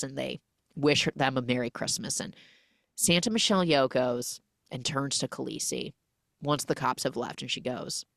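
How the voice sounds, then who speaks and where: Woman podcast host, low voice, dry close mic, gabbing through a movie plot and doing the lines. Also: a bit bright, no room sound. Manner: chatty, acts out characters' lines in quick voices. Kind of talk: animated film recap.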